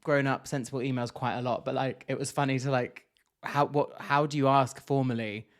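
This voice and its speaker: A man's voice: medium pitch, fairly even intonation, a little fast. A man co-hosting a podcast, talking casually and playfully, laughing often. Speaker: podcast co-host.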